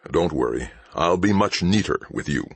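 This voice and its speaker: In an audiobook character voice, a man plays a cool, sardonic shipmaster whose threats come easy and conversational, full of calm menace and dry mockery. His very deep, husky voice with vocal fry is exaggerated and lively in inflection, at a moderate, unhurried pace, recorded close and dry with no echo.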